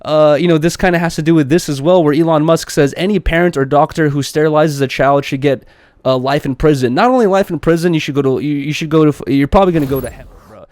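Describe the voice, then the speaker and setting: A man's voice: fairly high pitch, fast talker, a little mellow, no echo. A young man hosting a podcast, talking loosely in slang with lots of swearing. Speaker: podcast host. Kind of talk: casual podcast chat.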